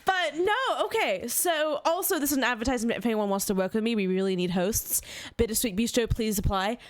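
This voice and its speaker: A young woman with a non-local accent, chatting casually as a podcast co-host and telling stories. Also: a little fast. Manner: animated, jumps into high voices when quoting. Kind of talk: casual chat and storytelling.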